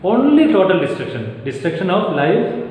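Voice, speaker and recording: Guy teaching english class, slow and repeats stuff, slightly high voice, big echoey hall. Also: big pitch swings, darkish tone, a little hiss or hum. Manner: slow and repetitive, repeats key phrases. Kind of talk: recorded class lecture. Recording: very echoey room, long reverb.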